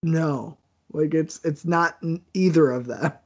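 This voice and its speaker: A man co-hosting a podcast, talking in casual chat with swearing and quick asides. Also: on the high side. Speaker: podcast co-host.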